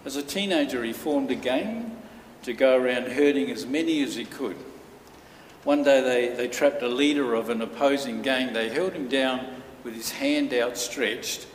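In a church hall, a man delivers a sermon, building his story with earnest, dramatic pauses. He sounds far from the microphone, his medium-pitched voice ringing out in a long, echoing reverb, with slight background noise.

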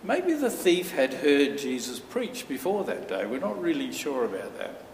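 A man's voice: on the high side, wildly swooping pitch, gravelly. Man, earnest sermon storytelling, distant mic, long hall reverb, faint room noise. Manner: earnest storytelling with dramatic pauses. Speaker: preacher. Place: church hall. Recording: echoey hall from far off.

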